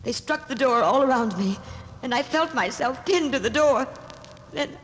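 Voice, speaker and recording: A woman's voice: high voice, lively intonation, normal speed. An actress playing a young woman, a doctor's daughter, in a 1940s radio drama, breathless and often half-whispering. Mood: shaken. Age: young adult. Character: young woman, doctor's daughter, newly engaged, easily frightened. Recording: old radio broadcast with hall reverb and faint hiss.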